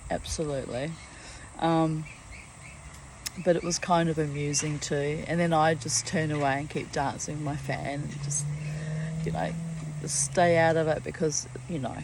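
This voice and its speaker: A woman's voice: lowish voice, a little mellow, slight background noise, low-quality recording. Chatty New Zealand woman outdoors. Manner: chatty storyteller, acts out dialogue, laughs often. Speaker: vlogger. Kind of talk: casual spoken diary. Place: outdoors among trees.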